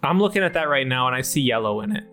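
A man's voice: medium pitch, lively intonation, rapid-fire, pushed and bright. A hot-headed chipmunk tough guy, as a man improvises him blusters and brags. His voice sits mid-range and lifts when he pushes, with faint music underneath. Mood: weary. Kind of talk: improv comedy scene.

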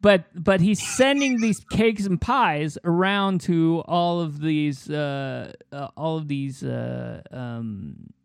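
A man improvising a silly film pitch in casual chat, halting with many fillers and restarts. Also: gravelly, clear, resonant tone, no room sound, studio quality.

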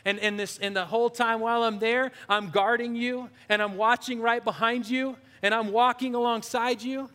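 Male pastor, high-pitched, preaching in a reverberant hall; animated, dropping to soft prayerful tones. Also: normal speed, smooth. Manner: animated, swings from loud to hushed. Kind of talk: sermon.

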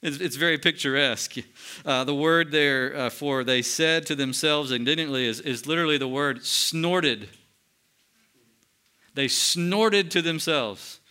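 A male pastor preaching a sermon in an earnest tone, slowing down and dropping quiet for emphasis. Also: a little high, smooth.

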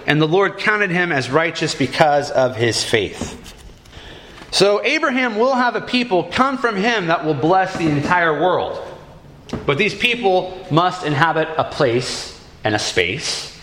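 A man preaching a sermon, telling stories with dramatic pauses. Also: sits high, pushed and bright, reverberant. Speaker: pastor.

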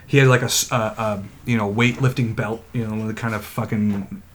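A man's voice: on the low side, fairly even intonation, moderate pace, slight background noise. Profane, laughing man telling a story. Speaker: podcast co-host. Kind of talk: casual storytelling chat.

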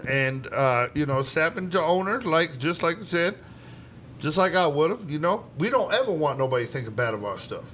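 A man's voice: fairly high pitch, a bit bright, a little hiss or hum. A man chatting on a podcast, telling pizza shop stories with lots of swearing and laughter. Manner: profane, laughing storyteller. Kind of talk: casual chat storytelling.

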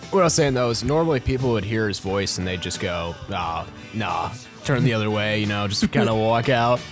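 A man's voice: on the low side, quick pace, over music. A man hosting a podcast, chatting and joking casually, laughing and swearing freely. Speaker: podcast host.

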